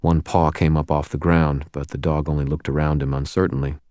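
A male audiobook narrator with an extremely deep voice. He tells the story in a dry, first-person way. The recording is dry and close with no room sound. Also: level tone, fairly quick, darkish tone, clear, resonant tone, dry recording. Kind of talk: scripted narration.

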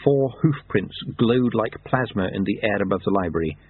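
A man reading a story aloud in a dry, measured narration, over tinny narrowband audio. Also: fairly low pitch, animated, husky, dry recording.

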